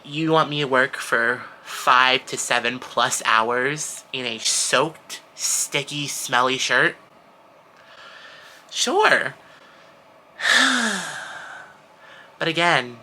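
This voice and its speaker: An eighteen-year-old man venting to camera in a casual vlog, animated and exasperated, with sudden leaps up in pitch. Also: takes it slowly, a little hiss or hum, low-quality recording. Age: teens. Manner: animated, exasperated storytelling with big pitch jumps. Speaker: vlogger.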